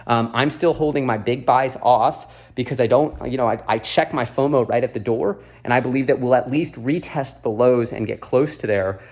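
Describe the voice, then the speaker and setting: Standing beside an exercise machine and a bit out of breath from a workout, a man gives a casual straight-to-camera crypto update. His medium-pitched, slightly mellow voice moves at a moderate pace with hardly any pauses, earnest and blunt, lecturing with lots of fillers.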